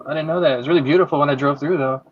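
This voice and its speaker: A man chatting casually in a quick, matter-of-fact way. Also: a little high, steady tone. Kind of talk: casual chat. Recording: dull lo-fi sound with faint noise.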